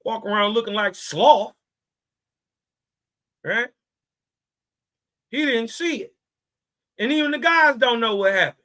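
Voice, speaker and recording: A man who talks slowly and deliberately, his voice bright and sharp. He reads passages aloud, then breaks off into scoffing slang commentary with frequent laughs, pausing to ask whether his listeners are following. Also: extremely high pitch, lively intonation. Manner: mocking, laughing, street slang, checks in with listeners. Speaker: host reading and commenting on scripture. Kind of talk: casual religious commentary.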